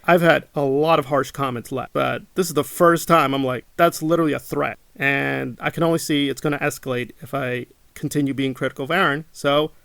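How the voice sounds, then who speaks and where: Indignant man with a gravelly voice. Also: mid-range voice, fairly even intonation, a little fast, few pauses, a bit bright, no echo. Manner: indignant, repeats himself, mocks his critics in quotes. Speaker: channel host. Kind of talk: monologue to camera.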